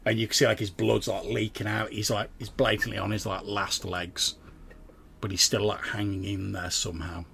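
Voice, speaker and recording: Gravelly man narrating as game master. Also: fairly low pitch, little pitch movement, normal speed, pushed and bright, a little hiss or hum. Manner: casual, lots of "like" fillers, vivid narration.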